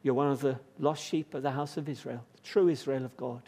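A man preaching a sermon, swinging from hushed, slow passages to fervent, emphatic repetition. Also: mid-range voice, fairly even intonation.

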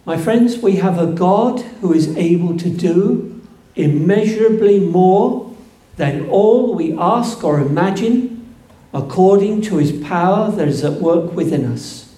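A man preaching a sermon, slow and emphatic, building to fervent peaks. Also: high voice, expressive, warm tone. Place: church. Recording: echoey church room.

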